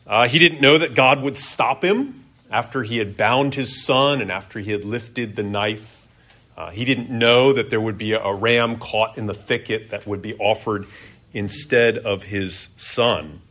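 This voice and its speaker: A middle-aged man preaching a sermon as pastor, conversational, asking his listeners questions and often pausing on "uh". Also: fairly low pitch, fairly bright tone. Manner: conversational, asks the congregation questions.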